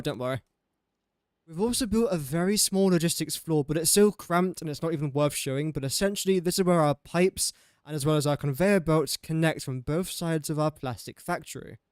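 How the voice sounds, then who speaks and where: A young man from England, his voice on the high side with a darkish, clear, resonant tone, talks fairly quickly during a building-game livestream. Rambling and self-mocking, he often laughs at his own slip-ups. Studio-quality audio without echo.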